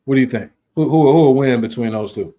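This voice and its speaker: A man hosting a live boxing talk show, arguing in heated, slangy chat with sudden jumps in pitch and a lot of repetition. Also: fast, warm tone. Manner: slangy, repeats himself while arguing.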